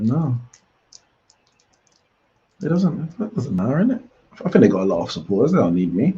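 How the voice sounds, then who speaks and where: This man hosts a live football watchalong, talking casually and reacting aloud to the play. His voice is medium-pitched and dark, and the recording sounds muffled.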